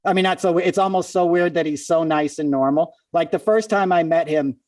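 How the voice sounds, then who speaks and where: Guy telling backstage stories on a podcast, kinda high voice, sounds a bit away from the mic. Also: no room sound, distant mic. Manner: animated storyteller, quick asides. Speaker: comedian and podcast host, guest. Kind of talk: casual phone-in interview storytelling.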